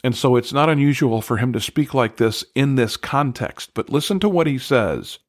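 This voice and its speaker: A man's voice: mid-range voice, expressive, moderate pace, no room sound, studio quality. A man teaching a devotional Bible study, earnest and emphatic, leaning on key words and putting questions straight to the listener.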